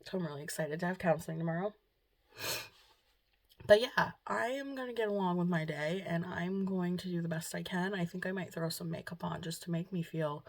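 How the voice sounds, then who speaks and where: A young woman vlogging at home, talking softly and hesitantly with many pauses, emotional and close to tears. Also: lowish voice, gravelly. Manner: soft, hesitant, full of ums and trailing off. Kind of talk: casual confessional vlog talk. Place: at home, indoors.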